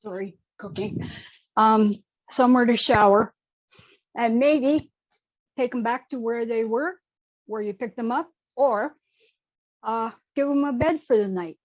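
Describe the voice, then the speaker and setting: Slow, blunt woman on a call. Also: a little high, no room sound, muffled recording. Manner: blunt, outspoken. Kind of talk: casual group call.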